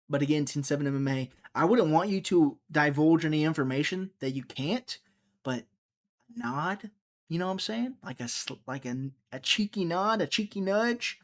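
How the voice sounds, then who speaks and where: A man's voice: a little high, lively intonation, moderate pace. A man hosting a casual livestream, rambling and joking as he answers viewers' chat comments. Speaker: livestream host.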